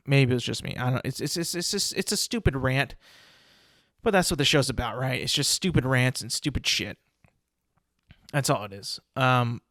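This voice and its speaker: A man's voice: medium pitch, fairly bright tone, no echo, studio quality. Rambling, profane young male podcast host. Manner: rambling, profane, many fillers and restarts. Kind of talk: solo podcast rant.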